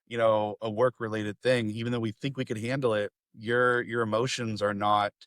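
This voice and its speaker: A man hosting a podcast in casual conversation, animated and laughing often as he talks in quick bursts. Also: fairly low pitch, no room sound. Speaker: podcast host.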